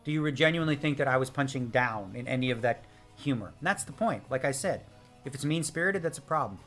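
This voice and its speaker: A man's voice: mid-range voice, lively intonation, fast talker, a bit bright, faint music behind. A man live-streaming a poker session, chatting casually with viewers in a brash, joking way and answering their chat messages. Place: home streaming setup.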